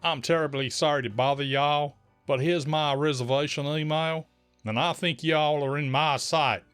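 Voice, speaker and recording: A man's voice: fairly high pitch, fairly even intonation, moderate pace, a bit bright, clean tone, no room sound, faint music behind, pitched above the performer's own voice, close to an everyday voice. A man voicing a polite but firm young mother in a put-on Oklahoma Southern accent, sugary in manner. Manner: sugary politeness turning blunt.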